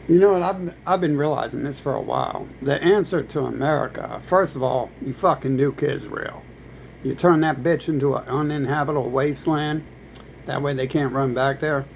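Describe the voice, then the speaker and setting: A man's voice: medium pitch, gravelly, slight background noise, rough recording. A man in a crude, rambling rant, full of fillers and curses. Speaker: vlogger.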